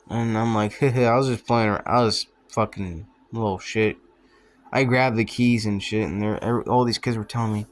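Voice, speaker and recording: Speaking at a normal speed with a fairly low pitch and fairly even intonation, a young male vlogger recounts stories from when he was a kid. The delivery rambles casually, swears freely, and is broken up by his laughing at his own anecdotes.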